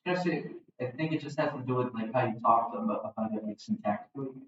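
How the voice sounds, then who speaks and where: A male student musing quickly in class, his speech full of "like". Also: mid-range voice. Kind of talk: casual classroom chat. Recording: distant, very echoey, noisy, dull.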